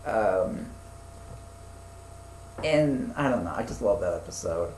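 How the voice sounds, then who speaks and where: A man's voice: on the low side, animated, slow pace, darkish tone, reverberant, slight background noise, low-quality recording. A young man chatting casually as a podcast co-host, rambling with lots of fillers, restarts and swearing. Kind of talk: casual chat.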